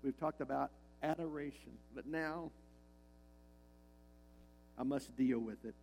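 A man's voice: medium pitch, unhurried, vocal fry, darkish tone, soft background music, poor audio. A male pastor preaching a sermon, emphatic and repeating his key lines, with frequent rhetorical questions to the congregation.

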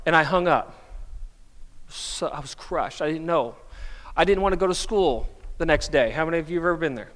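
A middle-aged man preaching a sermon, with a fairly high voice. He tells stories with self-deprecating humor. His voice carries a long reverb through the church sanctuary. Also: brisk. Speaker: pastor.

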